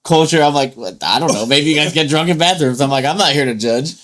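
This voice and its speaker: A man's voice: a little high, fast talker, a bit bright. A young man co-hosting a casual chat, telling loose, profane stories and acting out what people said, a little tipsy from drinking. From United States. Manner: loose, profane storytelling with acted-out quotes. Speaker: podcast co-host.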